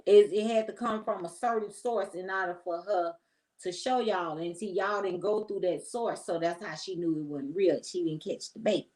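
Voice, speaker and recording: A woman's voice: fairly low pitch, moderate pace, darkish tone, low-quality recording. A woman hosting a casual commentary vlog, talking straight to her viewers in a chatty, opinionated, slangy way. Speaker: host.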